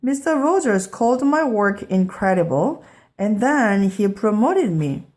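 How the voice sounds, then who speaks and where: A woman's voice: medium pitch, sing-song, unhurried, a little mellow, pitched above the performer's own voice. A woman voicing an eager, literal-minded female housekeeper in a children's storybook read-aloud.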